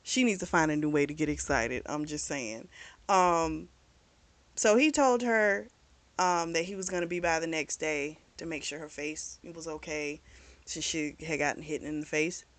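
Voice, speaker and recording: A young woman talks through a book's plot in a loose, chatty way. She swears freely and leans on fillers. Her voice sits somewhat low. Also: moderate pace. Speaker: book reviewer. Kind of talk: casual book recap.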